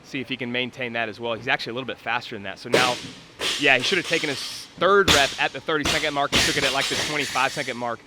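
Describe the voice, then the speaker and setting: A man's voice: mid-range voice, steady tone, very fast, very noisy. A man coaching and commenting live on a workout in a gym, explaining technique and calling out times.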